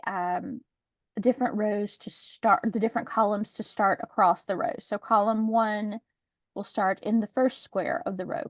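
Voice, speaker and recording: A woman's voice: mid-range voice, a little mellow, dry recording. A woman presenting a webinar over a video call, explaining document accessibility in a chatty, practical way with the odd sarcastic aside.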